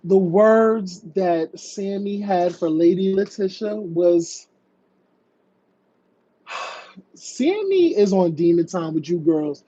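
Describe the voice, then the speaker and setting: A woman hosting a live stream, chatting casually about online drama, reading viewer comments and slipping into high mocking voices to act scenes out. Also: expressive, takes it slowly, warm tone, husky. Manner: chatty, slangy, reads viewer comments aloud. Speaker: livestream host. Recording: dull lo-fi stream audio.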